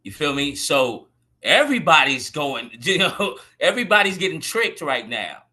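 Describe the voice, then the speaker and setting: A man's voice: a little high, sharp tone. A man on a podcast panel talking casually, rambling with lots of "you know" and "right?" asides. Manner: rambling, many fillers like "you know" and "right?", laughs at his own points.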